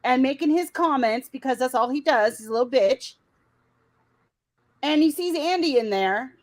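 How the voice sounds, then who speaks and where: High-voiced woman mocking a streamer. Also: animated, moderate pace, dry recording, rough recording. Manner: mocking, blunt, profane. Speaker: channel host. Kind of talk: commentary on a stream clip.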